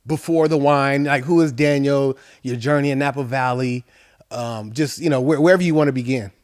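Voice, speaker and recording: A man hosting a podcast, chatting in a relaxed, friendly way and using casual slang. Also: medium pitch, a little fast, no echo, studio quality. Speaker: podcast host. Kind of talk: casual interview chat.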